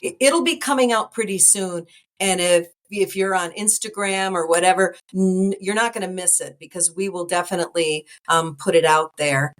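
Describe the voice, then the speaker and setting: Guest, sixties, woman, American accent, low-ish voice, rambly and warm. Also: moderate pace. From United States. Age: 60s. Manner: warm, rambling, laughs often. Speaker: midwife guest. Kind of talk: casual interview.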